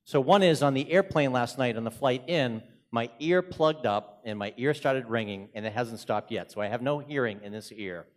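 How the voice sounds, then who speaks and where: Energetic Boston man giving a talk. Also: medium pitch, moderate pace, hardly any pauses. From Boston, USA. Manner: energetic, joking, moves around a lot. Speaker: conference speaker. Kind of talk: lively conference presentation. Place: hotel conference room.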